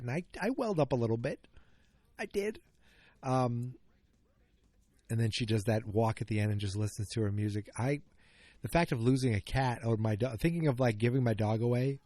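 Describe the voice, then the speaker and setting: A middle-aged man talks alone into a podcast microphone at a middle pitch, rambling and circling back on himself. His voice is close and dry with no room sound. He gets openly emotional as he chats. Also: dark tone, dry recording. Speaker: podcast host. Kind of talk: solo casual podcast chat.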